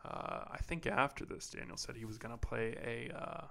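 A young man from Arkansas talks loosely on a podcast, bright and a little tense in tone. His voice has a gravelly fry yet stays crisp and clear. He sounds sleepy, joking, with plenty of fillers. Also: mid-range voice, steady tone, normal speed. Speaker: podcast guest, photographer. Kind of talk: casual chat.

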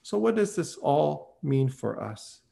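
Preaching man, fairly high voice. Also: very animated, takes it slowly, vocal fry, warm tone. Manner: earnest preaching, rising to emphatic peaks; storytelling with acted quotes. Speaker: pastor. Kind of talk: sermon.

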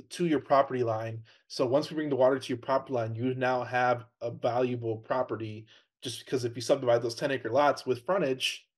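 A man's voice: mid-range voice, a little mellow. A man hosting a casual business call, upbeat as he walks through the numbers of a deal. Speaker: host.

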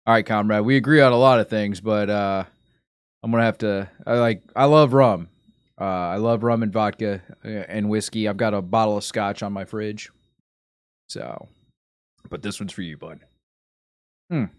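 A man's voice: fairly low pitch, fairly even intonation, moderate pace, smooth, no room sound, studio quality. A man streaming a casual chat, rambling and often sidetracked, interrupting himself as he talks.

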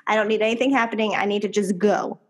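A woman's voice: medium pitch, steady tone, fast talker. A woman co-hosting a podcast, chatting casually, teasing and laughing often. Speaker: podcast co-host. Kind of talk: casual chat.

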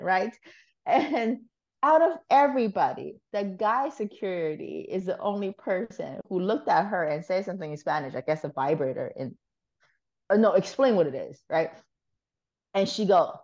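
A woman guest on a podcast telling a story in casual chat, animated, swearing freely and laughing often. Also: mid-range voice, normal speed, dull audio.

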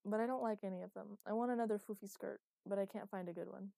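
A woman's voice: mid-range voice, fairly even intonation, fast, vocal fry, mellow, no echo, natural voice. A woman voicing a petulant, melodramatic young woman writer in an audiobook, whiny and sulky.

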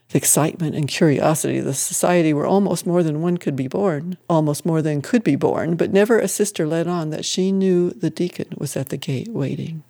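A reader narrating an old-fashioned story in steady audiobook style. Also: medium pitch, a little fast, vocal fry, hardly any pauses.

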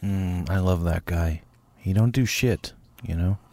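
A man's voice: deep voice, unhurried, dark tone. A man co-hosting a podcast in loose, laid-back casual chat, laughing often and swearing freely. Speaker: podcast co-host.

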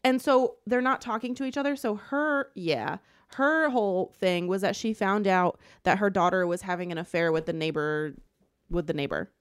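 A woman co-hosting a casual chat, retelling a book plot as an animated rant that is full of swearing. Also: medium pitch, moderate pace, clean tone, no room sound, studio quality. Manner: animated ranting storyteller, swears freely.

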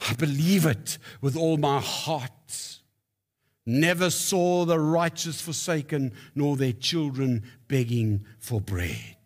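A man's voice: on the high side, lively intonation, takes it slowly. A man preaching a sermon, telling stories with emphatic rises. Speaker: pastor.

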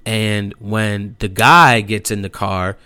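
A man's voice: lowish voice, takes it slowly, clear, resonant tone, dry recording. A young man telling a personal story in a casual, slangy and profane way, acting out the people in it. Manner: animated, slangy and profane, acts out quotes.

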